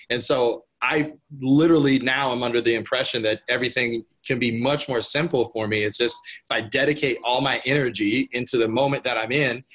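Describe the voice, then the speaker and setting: A man's voice: medium pitch, fairly bright tone. A man talking casually and eagerly on a podcast, rambling with many restarts and fillers. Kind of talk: casual conversation.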